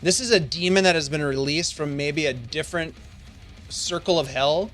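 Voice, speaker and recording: Guy running a tabletop game, kinda high voice, theatrical, faint guitar behind. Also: normal speed, fairly bright tone. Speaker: game master.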